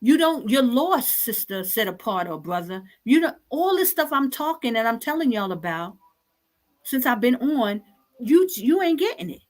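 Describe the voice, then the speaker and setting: A woman's voice: a little high, very animated, normal speed. A woman hosting an online talk show, scolding her listeners in an impassioned, exasperated and repetitive way.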